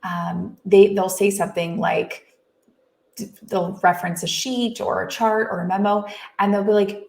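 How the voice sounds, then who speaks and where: A woman hosting a casual interview, her voice gravelly with vocal fry. She talks in long, rambling questions that circle back on themselves, and the room around her sounds echoey. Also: mid-range voice, steady tone, moderate pace. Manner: chatty, rambling questions with many restarts. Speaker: host.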